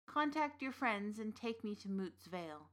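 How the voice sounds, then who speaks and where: A woman reading the part of a big, gently knowing uncle from the fairy realm in an audiobook story. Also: medium pitch, expressive, normal speed, close to an everyday voice. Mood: calm. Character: big warm Irish uncle, old fairy king's son.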